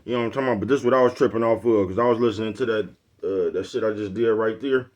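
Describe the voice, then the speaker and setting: A man's voice: on the low side, very fast. A man vlogging on his own channel in a casual, rambling way. He sounds laid-back and boastful, chuckles between phrases, and keeps asking whether you know what he's talking about. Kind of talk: casual rambling vlog talk.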